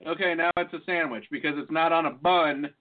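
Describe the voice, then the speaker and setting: Brief: high-pitched male co-host, jokey rambling banter, tinny phone-like sound. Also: a little fast. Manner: joking, rambling. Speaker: podcast co-host. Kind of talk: casual banter. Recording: phone-like lo-fi audio.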